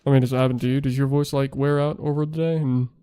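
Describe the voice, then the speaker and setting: A man's voice: mid-range voice, level tone, quick pace, mellow, clean tone. A young man chatting casually while streaming a game he makes, rambling with lots of fillers, his voice worn out late at night. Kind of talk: casual gaming stream chat.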